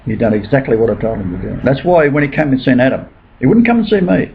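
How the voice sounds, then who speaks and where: A man's voice: medium pitch, sing-song, fast. A man talking in a rambling, insistent way during a casual conversation. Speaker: speaker with religious claims. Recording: dull lo-fi recording with faint noise.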